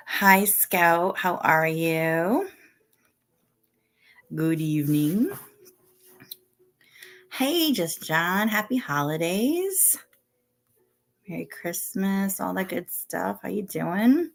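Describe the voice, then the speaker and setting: A middle-aged woman hosting a casual live stream, chatting and greeting viewers by name and laughing often. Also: fairly low pitch. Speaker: livestream host.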